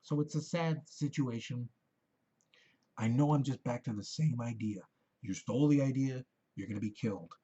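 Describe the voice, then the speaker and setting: A man's voice: medium pitch, normal speed, dark tone, husky, dull audio. A man ranting into the camera in a rambling, profane, heated monologue. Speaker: vlogger.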